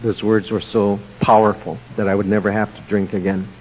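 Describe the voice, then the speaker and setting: A man speaking at a recovery meeting, telling his own story in a slow, plain-spoken way with pauses. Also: on the low side, little pitch movement, breathy edge. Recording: lo-fi audio with long hall reverb.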